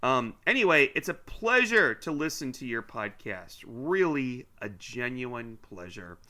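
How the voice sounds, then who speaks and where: A man's voice: medium pitch, very animated, measured pace, pushed and bright. A man co-hosting a podcast, chatting casually and teasingly as he reads listener mail aloud with asides. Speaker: podcast co-host.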